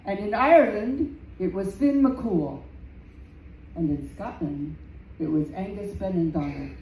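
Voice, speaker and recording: Mellow woman telling a folktale. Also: medium pitch, expressive. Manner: slow, dramatic, repeating phrases. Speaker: storyteller. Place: community center room. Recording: roomy, distant, faint background noise.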